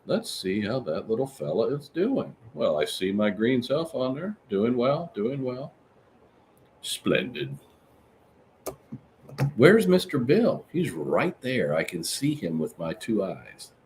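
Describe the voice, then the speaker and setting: Speaking at a measured pace over a little background noise, this livestream podcast host reads viewer comments aloud. His manner is chatty and rambling, full of lively ups and downs in pitch.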